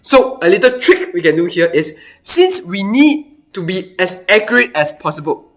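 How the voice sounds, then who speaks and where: Guy teaching math, super expressive pitch, lots of oh and eh while he works it out. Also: moderate pace. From Singapore. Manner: animated, thinking aloud with exclamations. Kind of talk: explaining a worked math problem.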